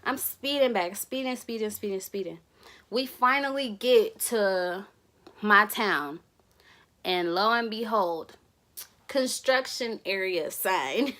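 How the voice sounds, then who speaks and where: A woman's voice: mid-range voice, slow pace, bright, forceful tone. A young woman tells a story on her vlog, laughing and acting out the dialogue. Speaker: vlogger.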